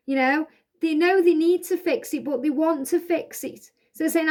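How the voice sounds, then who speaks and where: A woman's voice: high-pitched, steady tone, moderate pace. A woman doing a spiritual card reading, reading each card's message aloud and explaining it in a soothing, reassuring way, recorded outdoors. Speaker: tarot card reader.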